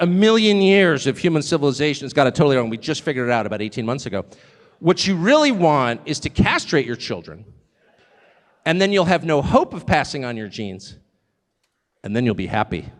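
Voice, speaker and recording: A man giving an animated, sarcastic, off-the-cuff speech to a live audience. He digresses and laughs at his own jokes. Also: on the high side. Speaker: speaker addressing a live audience abroad. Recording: long reverb of a large hall.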